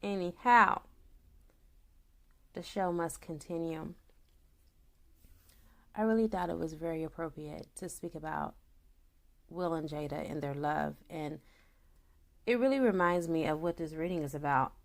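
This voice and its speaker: A woman reading tarot for her viewers, a naturopath who talks in an excitable, chatty way straight to the audience and slips into a solemn tone for invocations. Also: sits low, a little slow, pauses often. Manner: solemn invocation voice when calling spirits.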